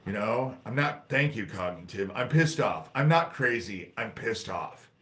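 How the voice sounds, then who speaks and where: A man's voice: on the low side, expressive, moderate pace, a bit bright. A man hosting a livestream, angrily ranting with heavy swearing, jumping between topics and reading the chat aloud. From United States. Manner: angry, profane, jumps between topics and reads chat aloud. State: agitated. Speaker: livestream host.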